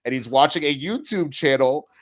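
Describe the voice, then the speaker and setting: A man recaps an episode in loose podcast chat, throwing himself into the retelling. He curses freely and acts out bits of the scenes. His voice sits in an everyday middle pitch. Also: normal speed. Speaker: TV episode reviewer. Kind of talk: casual podcast review chat.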